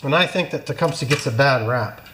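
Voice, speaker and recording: Heavy background noise surrounds this small-engine repair shop owner as he talks through a hands-on fix in his workshop. His medium-pitched voice moves fairly quickly, chatty and explaining each step, with apologetic, self-deprecating asides.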